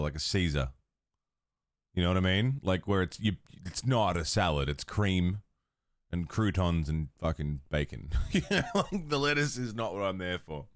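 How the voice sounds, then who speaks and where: A man's voice: low voice, no room sound, clean studio sound. A man hosting a livestream, chatting casually with his viewers, swearing freely and laughing often. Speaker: livestream host. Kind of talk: casual chat with stream chat.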